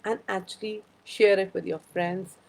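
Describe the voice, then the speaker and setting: A woman's voice: medium pitch, steady tone, moderate pace, gravelly, low-quality recording. A woman hosting a casual live-stream chat, rambling through personal stories and greeting viewers by name. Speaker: host of a live wellbeing chat.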